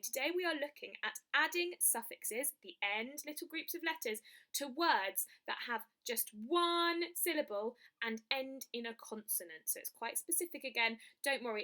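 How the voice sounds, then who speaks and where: A young woman teaching children a spelling lesson, chanting the rules slowly and with emphasis. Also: a little high, sharp tone. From England. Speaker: primary school teacher.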